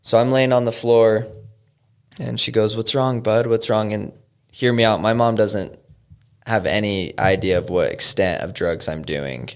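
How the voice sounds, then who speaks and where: A young man from Utah telling his recovery story as a guest, halting with frequent fillers and restarts. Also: on the low side, smooth. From Utah, USA. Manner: halting, lots of "you know" and "um", restarts. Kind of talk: personal storytelling in an interview.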